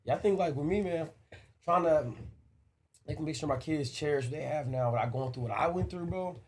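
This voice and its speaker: Earnest male podcast host, fast and emphatic, slightly higher pitch, for casual talk. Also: darkish tone, slight background noise. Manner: earnest, emphatic, repeats himself. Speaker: father of two boys. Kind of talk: casual chat.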